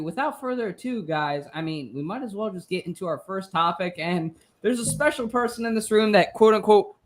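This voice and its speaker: A young man hosting a casual podcast, joking and loose, swearing freely. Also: high voice. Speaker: podcast host.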